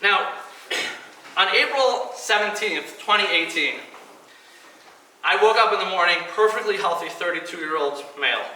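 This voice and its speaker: Guy in his 30s telling his story to a crowd, high bright voice, echoey hall, mic a bit far off. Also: animated, unhurried, long pauses. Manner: earnest storytelling, acts out quoted voices. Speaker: speaker at a kidney donation event. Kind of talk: personal speech to an audience. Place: event hall. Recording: echoey hall, mic at a distance, faint noise.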